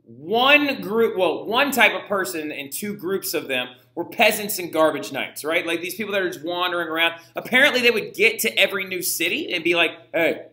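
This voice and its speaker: A man's voice: high-pitched, expressive, brisk, few pauses, bright, forceful tone. A young male history teacher giving a casual, chatty lecture, often checking in with "right?". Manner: chatty, slangy, frequent "right?". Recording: echoey room.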